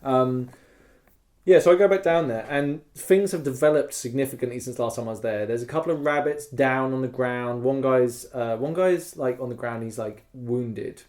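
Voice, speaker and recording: A man co-hosting a podcast, telling a long story in casual chat, rambling and animated, full of "like" and the odd swear word. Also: medium pitch, normal speed. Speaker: podcast co-host.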